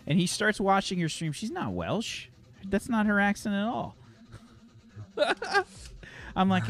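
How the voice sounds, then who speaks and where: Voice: mid-range voice, very animated, slow, pauses often, fairly bright tone. A person running a tabletop game as game master, explaining rules with many fillers and chatty asides.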